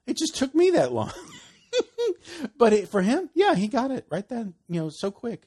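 Animated man preaching casually. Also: high voice, moderate pace. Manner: animated, laughing, acts out conversations. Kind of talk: casual sermon.

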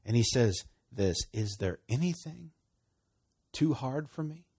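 A man preaching with a husky voice that swings up and down in pitch. He reads scripture aloud, laughs often and drops to quiet asides between louder lines. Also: measured pace. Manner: animated, laughing often, dropping to soft asides. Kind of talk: sermon.

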